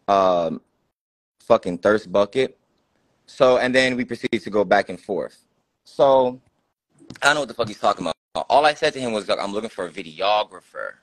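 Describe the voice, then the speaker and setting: Low-voiced guy on a live stream, blunt and cussing, dry close sound. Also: expressive, normal speed, dry recording. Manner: blunt, profane and combative; quotes others in mocking tones. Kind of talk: casual live-stream chat.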